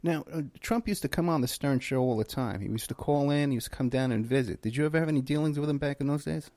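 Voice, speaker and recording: A man's voice: mid-range voice, fast, a little mellow, no echo. A man hosting a casual interview who asks his guest direct questions. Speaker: interview host.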